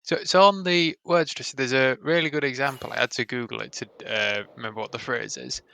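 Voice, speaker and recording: A man's voice: mid-range voice, fairly even intonation, fairly quick, vocal fry, pushed and bright, clean tone, dry recording. A man in casual voice chat while gaming, explaining a point in a matter-of-fact way. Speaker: server player.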